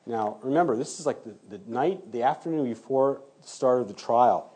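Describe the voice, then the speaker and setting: A man's voice: mid-range voice, normal speed, dark tone, husky. A man who works as a forensic DNA criminalist, telling a story in an interview and acting out the exchanges he quotes.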